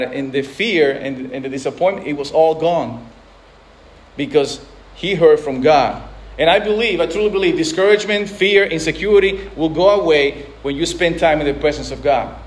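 A man preaching a sermon in an earnest way, often repeating and restarting words. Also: fairly high pitch. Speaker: pastor.

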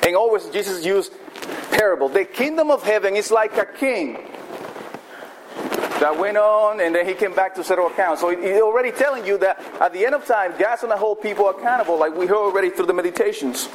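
A man with a fairly high voice preaches a sermon in a loose, conversational style. He keeps circling back with "I mean" and slows down to stress key points. A faint hiss of noise sits under the recording. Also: rough recording. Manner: conversational, repeats "I mean", emphatic slowdowns. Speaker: pastor.

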